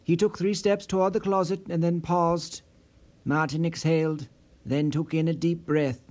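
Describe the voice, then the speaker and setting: Man, audiobook narrator, steady measured reading, somewhat high voice. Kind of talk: scripted narration.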